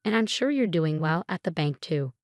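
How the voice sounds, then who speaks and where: A woman's voice: low voice, expressive, normal speed, no echo. A woman voicing a pushy, scheming older mother-in-law who talks in a sweetly insistent, dismissive way.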